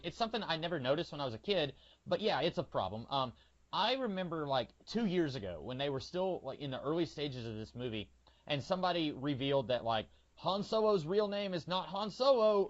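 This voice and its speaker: A man's voice: fairly high pitch, highs cut off. A man co-hosting a podcast in casual chat, rambling with lots of fillers and acting out little scenes. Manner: chatty, lots of "like" and "um", animated retellings. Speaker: podcast co-host.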